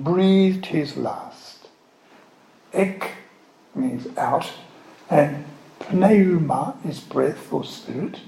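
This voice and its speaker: A man's voice: fairly high pitch, vocal fry, mellow, reverberant, slight background noise, poor audio. A man preaching a sermon and explaining words step by step, stopping now and then for asides. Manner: slow, explanatory, with word studies and asides.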